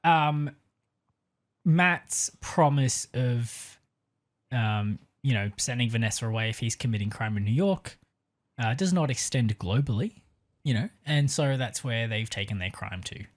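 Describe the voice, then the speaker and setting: A man co-hosting a casual podcast, pitching a story with many hesitant fillers and easy laughs. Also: lively intonation, measured pace.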